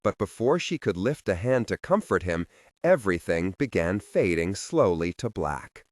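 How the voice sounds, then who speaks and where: A man narrating a dark fantasy audiobook in an expressive, scripted reading on a close studio microphone. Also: low voice, normal speed, no echo. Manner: expressive, wide-ranging reading.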